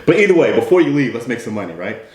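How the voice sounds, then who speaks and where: A man from the United States, acting as a mentor, gives a direct, repetitive motivational talk and keeps asking "right?". His mid-range voice is sing-song and rapid-fire, and the recording has a roomy echo.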